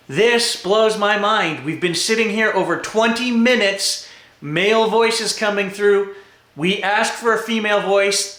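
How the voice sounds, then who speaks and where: A Canadian man running a live spirit box session outdoors in cold woods, excitedly talking to spirits and viewers. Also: high-pitched, dry recording. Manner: excited, talks to spirits and viewers, quick chuckles. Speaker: paranormal vlogger.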